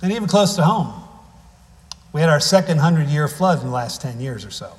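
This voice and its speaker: A man's voice: fairly high pitch, big pitch swings, fairly quick, long reverb tail. A man preaching a sermon, reading scripture and then telling family stories in a conversational way with wry humor. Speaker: pastor.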